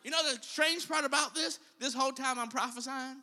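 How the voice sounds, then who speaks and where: A man's voice: extremely high pitch, brisk, sharp tone, long reverb tail. A male preacher giving an impassioned sermon and calling out to his congregation. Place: church.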